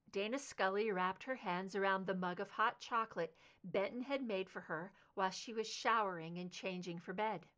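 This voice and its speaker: A woman reading fan fiction aloud, narrating in an expressive, emotive way. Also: medium pitch. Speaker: audiobook reader.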